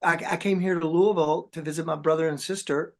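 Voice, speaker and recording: A man's voice: a little high, fairly even intonation, quick pace. Rambling, chatty male rock drummer. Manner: rambling, chatty storyteller, says man and dude a lot. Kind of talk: casual interview chat.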